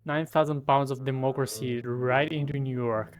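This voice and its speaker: A man's voice: mid-range voice, fairly even intonation, a little fast, few pauses. Brazilian man boasting crudely in mock-pompous tones. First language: Portuguese. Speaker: comedy video creator. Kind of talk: comedic commentary while editing a map.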